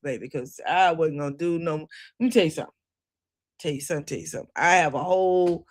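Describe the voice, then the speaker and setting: A woman gives a loose, chatty recap of a reality show. Her voice sits in a middle pitch and jumps way up high when she wants to stress something. It sounds dry and close to the mic, with no room around it. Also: no room sound. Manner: chatty, sassy asides, swoops up high for emphasis. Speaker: recap host.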